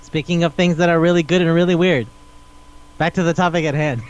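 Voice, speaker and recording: Podcast co-host, male, fairly high voice, rambling and profane, dull lo-fi mic. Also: brisk, smooth. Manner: animated, rambling, swears freely. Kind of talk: casual chat.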